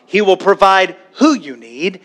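A man preaching a sermon to a church congregation, animated, now and then acting out worried voices. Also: high-pitched, unhurried. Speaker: pastor.

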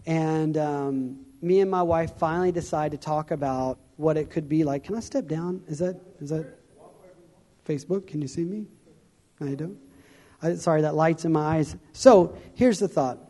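A traveling evangelist gives an earnest, informal testimony sermon from a stage, his voice fairly high and dark-toned at normal speed. He often restarts his sentences and chuckles. Long hall reverb surrounds him.

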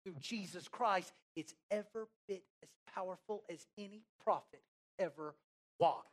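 A preacher giving a sermon with emphatic, drawn-out words, swinging between loud and soft, who asks the congregation questions and has them repeat phrases. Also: medium pitch.

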